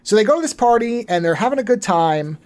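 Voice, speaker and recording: High-voiced man recapping a movie. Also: quick pace. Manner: animated storyteller, swears freely. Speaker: podcast co-host.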